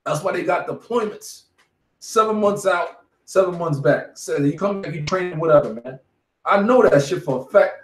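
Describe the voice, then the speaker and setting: This high-pitched man, roughly forty, speaks at a moderate pace while leading a street Bible study. Casual preaching mixes with war stories, delivered emphatically and profanely, with "man" after nearly every phrase. The room is echoey.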